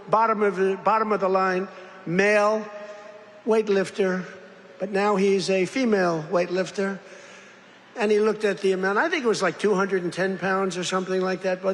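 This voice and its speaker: An older man giving a rambling, boastful political speech with mocking asides, in a large industrial hall. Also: sits high. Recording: echoey hall, faint crowd ambience.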